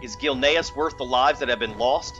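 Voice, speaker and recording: A man's voice: mid-range voice, normal speed, fairly bright tone, lo-fi sound, faint music behind, lightly acted. A man voicing a proud, defiant war lord. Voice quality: stern, defiant. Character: defiant noble war leader, proud and grieving. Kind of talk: video game voice acting.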